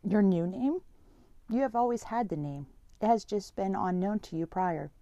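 A woman reading the part of a calm, formal male mentor who speaks stiffly and evasively. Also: medium pitch, normal speed, no room sound, close to an everyday voice. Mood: cryptic.

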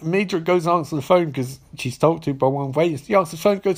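A man's voice: on the high side, quick pace, few pauses. Sarcastic, swearing man recapping TV. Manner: sarcastic, profane, rambling. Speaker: TV episode recapper. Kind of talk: casual spoken recap.

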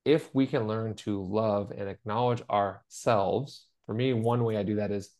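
A man's voice: on the low side, steady tone, measured pace, darkish tone. A middle-aged man co-hosting a podcast, talking in an earnest, storytelling way and acting out the voices of the people he quotes. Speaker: podcast co-host. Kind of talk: conversational podcast chat.

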